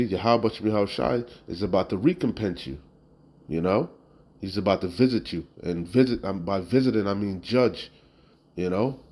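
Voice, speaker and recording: A man's voice: medium pitch, darkish tone, poor audio. Emphatic man preaching from scripture. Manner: reads verses then riffs, constant "you know?" asides; blunt and emphatic, occasional profanity. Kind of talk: street-style scripture teaching.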